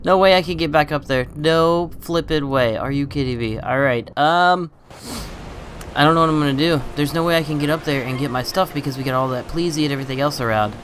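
A man's voice: a little high, quick pace, a bit bright, a little hiss or hum, poor audio. A man hosting a gaming channel, chatting casually over his gameplay, exasperated and laughing at his own bad luck.

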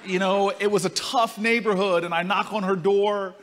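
A man giving a speech to a live conference audience, telling a story with animated swings between loud and soft. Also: high-pitched, normal speed, a little hiss or hum. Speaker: speaker at a conference. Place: large conference hall. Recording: reverberant hall.

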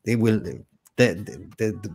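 A man's voice: lowish voice, slow, a little mellow. A man co-hosting a live quiz stream, chatting casually and teasing his partner, often restarting his sentences. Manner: teasing, rambling, many restarts. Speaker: quiz show co-host.

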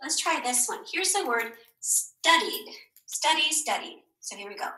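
A woman teacher giving a recorded phonics lesson to young children, slow and encouraging, asking questions and answering them herself. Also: high-pitched, expressive, sharp tone. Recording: echoey room.

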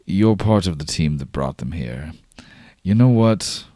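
A man's voice: low voice, lively intonation, unhurried, mellow, dry recording, clean studio sound. A man voicing Delco, a ruthless boss who gives commands. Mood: commanding.

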